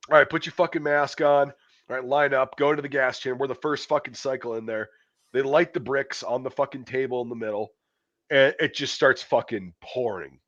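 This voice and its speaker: A man hosts a casual podcast and tells a long anecdote, cursing constantly and padding it with fillers. His voice sits at an everyday middle pitch. The audio is dry and a little dull and muffled. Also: a bit bright, no room sound. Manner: profane, rambling anecdote with lots of fillers. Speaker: podcast host. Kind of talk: casual storytelling chat.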